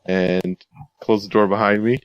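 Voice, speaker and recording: A man's voice: lowish voice, flat delivery, a little slow, clear, resonant tone, no echo, highs cut off. A man playing a tabletop game, eagerly talking through his plans. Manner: eager, planning aloud, laughs at own schemes. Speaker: player. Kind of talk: casual tabletop play.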